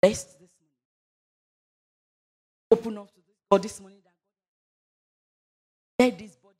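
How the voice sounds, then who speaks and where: A woman's voice: medium pitch, steady tone, measured pace, long pauses. A woman preaching a sermon, reading scripture and leading fervent prayer. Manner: fervent, rising into loud declarations during prayer.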